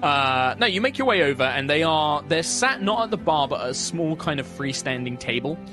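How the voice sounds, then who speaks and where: A man's voice: fairly high pitch, expressive, normal speed, music in the background. A man narrating as the game master of a tabletop game, chatty and laughing often.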